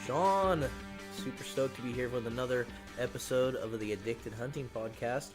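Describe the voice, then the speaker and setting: A man's voice: mid-range voice, moderate pace, faint music behind. Tired, mumbling male co-host. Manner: mumbling, loose and upbeat. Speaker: podcast co-host. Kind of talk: casual chat. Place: studio.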